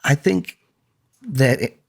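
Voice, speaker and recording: A man's voice: fairly high pitch, sing-song, slow, gravelly. A man co-hosting a podcast in casual chat, talking with energy, often repeating words and laughing between points. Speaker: podcast co-host.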